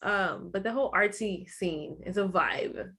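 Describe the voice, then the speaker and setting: A woman co-hosting a casual podcast, telling stories in a chatty, animated way. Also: mid-range voice, a little slow, husky. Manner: chatty, animated storyteller with filler "like". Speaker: podcast co-host. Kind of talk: casual chat.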